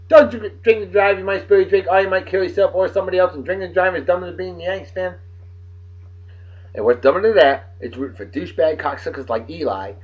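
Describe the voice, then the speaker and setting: On his casual daily beer video, a Martha's Vineyard man with a Massachusetts accent reads historical facts for the day, peppered with foul-mouthed wisecracks. His slightly high voice is expressive and fairly quick, captured in dull lo-fi quality.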